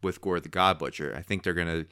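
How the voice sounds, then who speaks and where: A man co-hosting a podcast in casual chat, talking in an excitable, rambling way. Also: low voice, quick pace, clear, resonant tone, dry recording. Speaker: podcast co-host.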